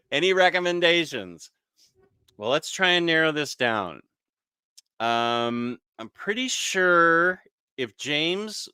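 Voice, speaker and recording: Bright, clear-voiced man hosting a stream. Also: medium pitch, no echo, clean studio sound. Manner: easygoing, chatty, with frequent fillers and mild self-corrections. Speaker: live stream host. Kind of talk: casual live-stream chat, reading viewer comments.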